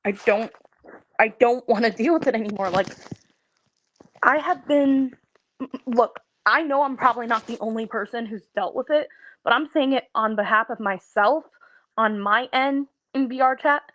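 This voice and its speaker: A woman in her twenties venting to viewers in a casual way, tired and stressed, halting and stammering as she restarts her sentences. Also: fairly high pitch, a bit bright, no echo, rough recording. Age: 20s. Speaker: content creator.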